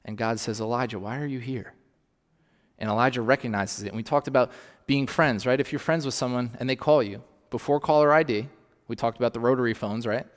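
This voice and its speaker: A man's voice: medium pitch, fast, big-room sound. A male pastor preaching in a conversational way, often checking in with his congregation. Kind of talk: sermon.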